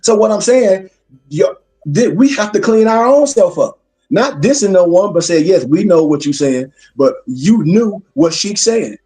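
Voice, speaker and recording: A man's voice: high voice, expressive, a little slow, dark tone, soft background music. A man lecturing his class as a minister, emphatic and preacherly, repeating his points for weight.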